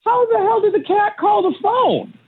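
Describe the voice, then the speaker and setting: A man phones into a radio show and recounts an awkward date with animated disbelief. His voice swings widely in pitch. The line is thin and phone-like. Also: moderate pace. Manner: animated storytelling, exasperated. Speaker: caller. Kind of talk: radio call-in chat. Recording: tinny phone line, crowd behind.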